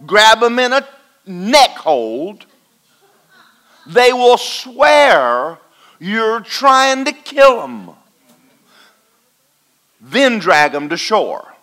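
A man preaching a folksy sermon to a congregation, swinging between loud and quiet. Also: sits high, very animated, very slow, pauses often. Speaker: pastor. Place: church in front of a congregation.

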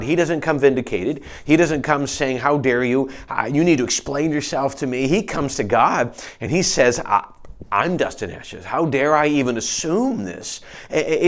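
A man who is a pastor, giving an earnest, conversational sermon and reading scripture aloud. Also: on the high side. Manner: earnest, conversational preaching with frequent restarts.

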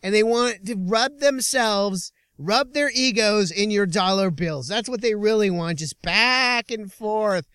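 High-voiced sarcastic man ranting slowly. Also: a bit bright, clean tone, dry recording, studio quality. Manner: sarcastic, ranting, halting restarts. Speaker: podcast host. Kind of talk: rambling comedic monologue. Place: inside a small car with no air conditioning.

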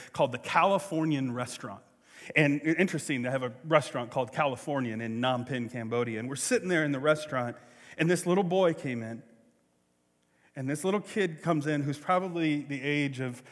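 Chapel preacher in a long-echo hall. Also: male voice. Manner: storytelling, drops soft and low on key phrases, rises loud for quotes. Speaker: chapel speaker. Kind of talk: sermon.

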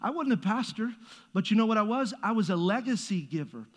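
A man's voice: high-pitched, lively intonation, a little fast. A man preaching a sermon as pastor, conversational and joking, with playful asides to the congregation. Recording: long reverb of a large hall.

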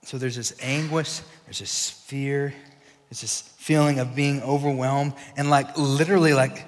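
Animated young preacher in a reverberant hall. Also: male voice, mid-range voice, a little slow, a little hiss or hum. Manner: animated, acts out voices, frequent fillers. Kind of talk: casual sermon to young adults.

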